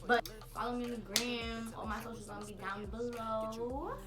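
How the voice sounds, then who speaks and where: A woman's voice: on the high side, moderate pace, reverberant, over a noisy crowd. Slangy young woman telling a story. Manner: slangy, animated storytelling with asides to viewers. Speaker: vlogger telling a story time. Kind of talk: casual story time.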